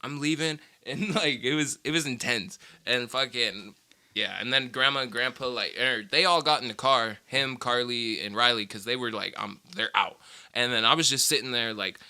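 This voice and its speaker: Bright-voiced young man telling stories. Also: mid-range voice, moderate pace. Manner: rambling, profane, laughs often. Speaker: vlogger. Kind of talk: casual storytelling chat.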